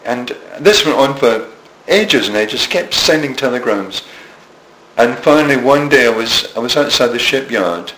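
A man's voice: medium pitch, animated, a little slow, fairly bright tone. A Scottish man in his seventies telling self-mocking anecdotes in an interview, with frequent restarts. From Scotland. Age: 70s. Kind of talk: storytelling interview. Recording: echoey room with faint noise.

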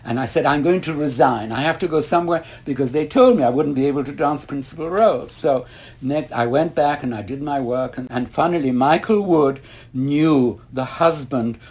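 An older man from an Irish family, a guest in an interview, reminiscing at length with an animated manner, acting out the voices of the people in his stories and laughing often. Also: a little high, moderate pace, slightly rough. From Ireland. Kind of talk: reminiscing storytelling.

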